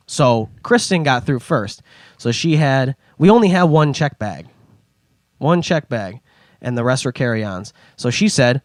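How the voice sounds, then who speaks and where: Young guy podcast host, rambly storyteller, mid pitch, dead dry mic. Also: moderate pace, no echo. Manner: rambling, animated storytelling with put-on voices. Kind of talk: casual storytelling.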